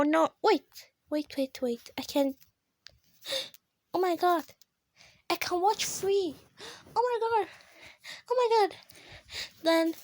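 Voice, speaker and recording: Excitable high-voiced female gamer, dry sound. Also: no room sound. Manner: excitable, gasping, frequent exclamations, talks to viewers; drops to a whisper at times. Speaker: gaming channel host. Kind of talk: excited let's-play commentary.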